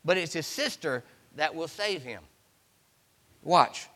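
A man preaching a sermon, retelling scripture as an animated storyteller with exclamations. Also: on the high side, slow pace, big-room sound.

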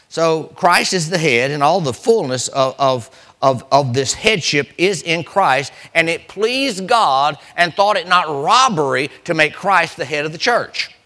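Guy preaching a sermon, high ringing voice, lots of "the, the" restarts. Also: pushed and bright. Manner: preaching with rising emphasis and repeated restarts. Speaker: pastor.

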